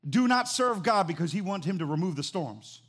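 A man preaching a sermon as pastor, animated and emphatic, repeating phrases for emphasis. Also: sits high, brisk.

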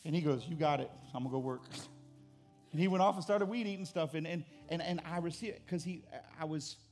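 A middle-aged pastor preaches with earnest, personal storytelling that builds into impassioned intensity. His voice sits high for a man and has a gravelly edge. Faint instrument music plays behind him. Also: brisk, darkish tone. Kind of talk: sermon.

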